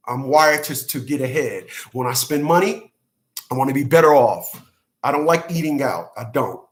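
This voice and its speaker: A man's voice: medium pitch, lively intonation, moderate pace. A man hosting his own channel, delivering a blunt, profane, preachy rant straight to his viewers. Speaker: channel host. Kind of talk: rant monologue to camera.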